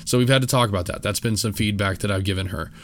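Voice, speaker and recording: A man's voice: fairly low pitch, fast talker, no echo. A young man talking casually on his solo podcast, rambling with many fillers and restarts, and poking fun at himself. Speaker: podcast host.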